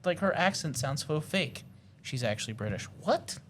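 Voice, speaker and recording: A man co-hosting a podcast in casual chat, rambling excitedly with lots of fillers and self-corrections. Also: fairly high pitch, moderate pace, slight background noise. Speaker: podcast co-host.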